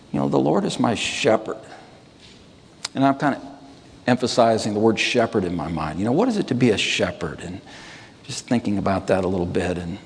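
A man delivers a musing, personal sermon with a mid-range voice. He slows down to savor scripture and lifts his pitch on the words he stresses. The sound rings with a long hall reverb. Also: a little mellow, breathy edge. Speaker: preacher. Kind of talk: reflective sermon.

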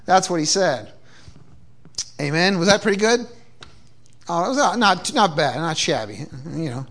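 A man's voice: high voice, expressive, moderate pace, pauses often, fairly bright tone. A man preaching a sermon with call-and-response cues and frequent repeated restarts, from New England. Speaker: pastor. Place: church.

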